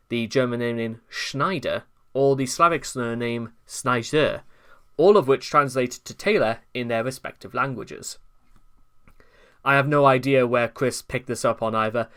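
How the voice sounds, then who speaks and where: A man's voice: medium pitch, fairly bright tone, smooth. Chatty male commentary host. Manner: chatty and digressive, with frequent restarts. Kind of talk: casual commentary reading a wiki article.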